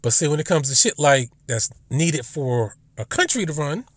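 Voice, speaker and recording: A man's voice: fairly high pitch, sing-song, normal speed, breathy edge, dry recording. A man in a casual, profane monologue with rambling delivery, speaking into a phone in an online audio room. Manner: rambling, profane, acts out imagined dialogue. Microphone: phone or headset in an online audio room.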